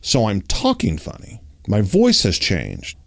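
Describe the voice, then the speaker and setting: A man's voice: unhurried, gravelly. A man telling a personal story in casual chat, acting out the dialogue and talking with lots of fillers. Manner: animated, acts out dialogue with raised pitch; uses many fillers like "like" and "you know".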